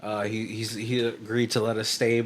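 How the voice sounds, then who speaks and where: A man's voice: on the low side, completely flat delivery, normal speed. A man co-hosting a casual movie commentary podcast, rambling through the plot, laughing often and acting out characters' lines. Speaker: podcast co-host.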